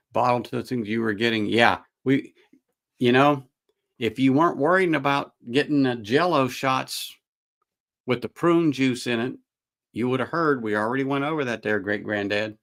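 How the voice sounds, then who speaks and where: A middle-aged man hosts a casual whiskey livestream, speaking at normal speed in a mid-range, fairly bright voice with vocal fry. He rambles folksily and answers viewers' comments.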